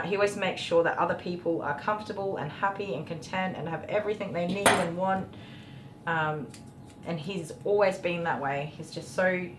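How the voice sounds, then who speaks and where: A woman hosting a casual livestream and answering viewer questions in a chatty, openly emotional way, with frequent ums. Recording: echoey room with faint rumble.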